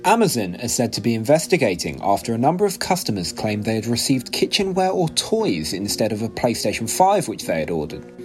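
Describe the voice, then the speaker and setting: A man hosting a comedy news podcast, reading scripted headlines with deadpan punchlines. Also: mid-range voice, a little fast, few pauses, soft background music.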